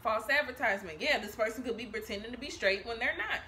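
Bright, chatty woman tarot reader. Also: a little high, fast talker, a little hiss or hum. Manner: chatty, profane, laughing, tags lines with "okay?". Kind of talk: casual tarot reading to camera. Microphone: camera mic.

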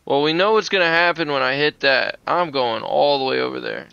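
A man giving casual gameplay commentary, excitable and swearing often, with sudden loud outbursts. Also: on the high side, fairly quick, creaky, clean tone, dry recording, highs cut off. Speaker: gameplay streamer.

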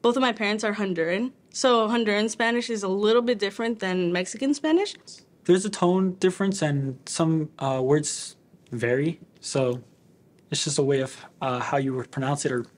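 Hesitant woman explaining word differences. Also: fairly low pitch. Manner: hesitant, with "uh" pauses. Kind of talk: casual explanation.

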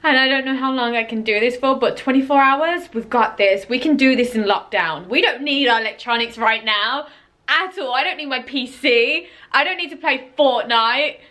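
Brief: woman vlogger, high and bright, theatrical indignation, casual chat. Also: normal speed. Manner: dramatic, indignant teasing. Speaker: vlogger host. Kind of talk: casual challenge vlog chat.

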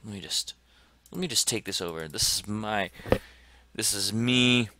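A man commenting excitedly on his gameplay as a gaming channel host, dropping to whispers and bursting into shouts. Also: fairly low pitch, a little slow, no echo. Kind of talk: let's play commentary.

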